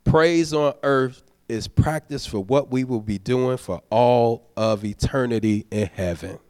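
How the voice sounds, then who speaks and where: A man's voice: medium pitch, unhurried, a little mellow, clear, resonant tone, no room sound, studio quality. A man, a deacon, preaching a sermon, urging the congregation in a conversational, folksy way and prodding them for amens. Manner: exhorting, prods the congregation for amens.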